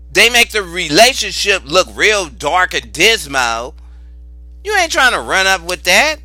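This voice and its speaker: In a dry-recorded, casual tarot vlog, an animated man with a bright, high voice does a reading. He cusses freely, exclaims often and repeats phrases to drive points home.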